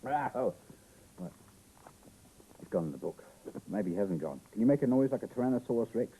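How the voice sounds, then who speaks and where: Aussie bloke, middle-aged, reading a storybook to little kids, really dark mellow voice, swoops up and down a lot, playful. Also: male voice, on the low side, normal speed, slight background noise, rough recording. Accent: Australian. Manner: animated, playful storytelling with gasps and exclamations. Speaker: children's TV presenter. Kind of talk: reading a picture book to young children.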